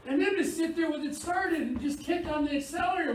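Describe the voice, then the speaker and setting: A man preaching a sermon in an animated, playful way, acting out little scenes. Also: very high-pitched, quick pace, hardly any pauses. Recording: echoey room, picked up from far off, faint hiss.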